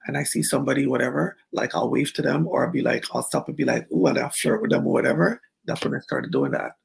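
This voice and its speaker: A middle-aged former runway model, appearing as an interview guest, tells a story in casual chat, laughing and animated as she acts out the people she quotes. Her bass voice is gravelly and quick, with slight background noise.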